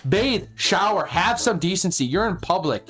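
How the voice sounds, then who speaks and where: A man hosting a casual podcast, telling a story in an animated, exasperated way, laughing often and swearing. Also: high voice, moderate pace, faint music behind. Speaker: podcast host.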